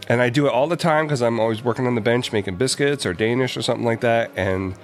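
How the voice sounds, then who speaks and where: A man co-hosting a casual comedy podcast, easygoing and quick to laugh. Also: medium pitch, soft background music. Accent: New England. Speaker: podcast co-host, baker.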